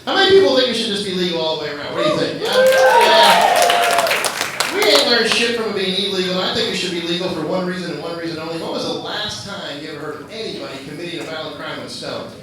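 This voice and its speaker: A man's voice: sits high, sing-song, fast. A man doing loose, profane stand-up comedy and teasing the crowd as host of a live open mic. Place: comedy club. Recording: echoey club, far from mic, audience noise.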